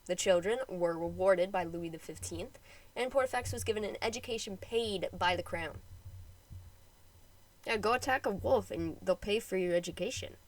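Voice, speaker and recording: A woman hosts her own history podcast, reading the episode from a script in a medium-pitched voice at a moderate pace, though the recording is rough. Between read passages she keeps drifting into casual, joking asides.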